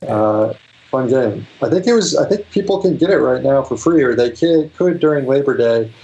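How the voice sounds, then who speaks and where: A man speaking as a guest on an interview show, relaxed and rambling, with lots of fillers. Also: medium pitch, moderate pace, muffled recording. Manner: relaxed, rambling, many fillers, laughs easily. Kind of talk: casual interview chat.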